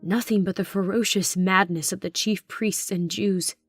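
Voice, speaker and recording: A woman narrator reading as a reverent male disciple, earnest and solemn in his account. The voice stays close to the reader's own, with soft music behind. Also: medium pitch, fairly even intonation, normal speed, no echo, natural voice. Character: calm, reverent male disciple telling what he saw.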